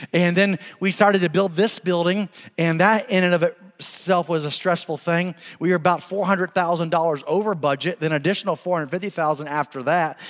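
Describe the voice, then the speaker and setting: A man's voice: high-pitched, a bit bright. A man in his forties preaching a sermon as pastor, telling a story with emphasis and laughing now and then. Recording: long hall reverb.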